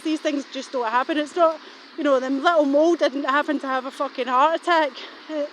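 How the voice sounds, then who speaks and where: A woman's voice: sits high, a little hiss or hum. A middle-aged woman, rambling suspiciously and swearing casually while she talks walking outdoors. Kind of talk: rambling walking vlog monologue.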